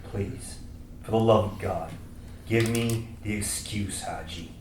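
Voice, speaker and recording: A man's voice: lowish voice, takes it slowly, a little mellow. A man playing a curt, menacing government agent in a screenplay reading. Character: hostile male government agent. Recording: roomy, distant, noisy.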